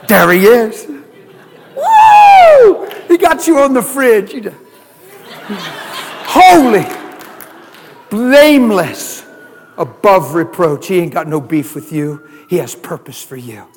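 A man preaching a sermon, animated, with shouted exclamations and laughing asides. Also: sits high, moderate pace, few pauses, in a large hall, a faint crowd.

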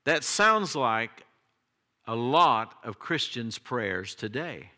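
A man preaching a sermon, emphatic, his voice jumping high when he quotes cries and pleas. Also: big pitch swings, slow, bright, forceful tone. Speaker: pastor.

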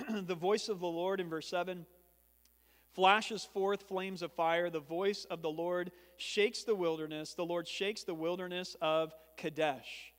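High-voiced man preaching in a reverberant hall. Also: smooth. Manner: earnest teaching tone, swells and drops in volume for emphasis. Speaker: pastor. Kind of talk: expository sermon. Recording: long reverb of a large hall.

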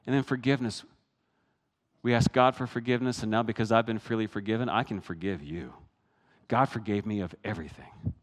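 A man preaching a sermon, animated, swinging from hushed asides to loud, high bursts. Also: brisk, in a large hall. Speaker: pastor.

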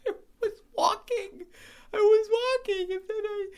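A man voicing an adult hiker who sobs and whines in a high falsetto after stumbling. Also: steady tone, unhurried. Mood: sobbing. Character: adult hiker sobbing after a stumble, whiny and self-pitying.

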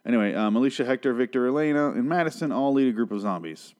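A young man casually recapping a TV episode, rambling and sarcastic, swearing freely and slipping into quick mock voices for the characters. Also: medium pitch, expressive, darkish tone.

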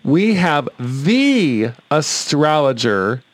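A man's voice: a little high, sing-song, drawn-out words, no echo. A man co-hosting a chat show, theatrical and gushing, calling people darling. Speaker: podcast co-host. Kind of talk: casual chat.

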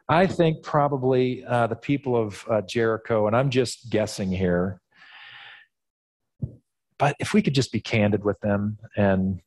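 A male pastor preaching a sermon in an animated storytelling manner, acting out the voices. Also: lowish voice. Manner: animated storytelling, acts out quotes.

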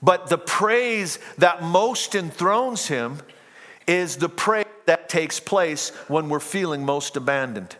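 A man preaching a sermon who reads scripture aloud, builds to impassioned crying out and then drops low and quiet. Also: lively intonation, slow. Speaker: pastor. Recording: long hall reverb.

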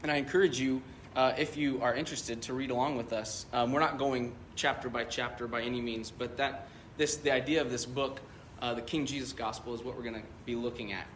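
A man's voice: mid-range voice, steady tone, a little fast, hardly any pauses, fairly bright tone, echoey room, slight background noise. A male pastor preaching a sermon, telling a story in a loose, conversational way with many fillers.

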